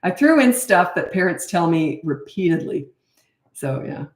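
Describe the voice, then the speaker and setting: A middle-aged woman parenting coach chatting casually through viewer questions, animated, with quick asides. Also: fairly low pitch. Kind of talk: casual Q&A talk. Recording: roomy echo.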